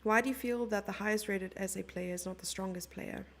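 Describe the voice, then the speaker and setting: A woman's voice: mid-range voice, fairly even intonation, fairly quick. A young woman commenting on chess live and chatting playfully with her viewers. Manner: chatty, playful, reads out and answers chat.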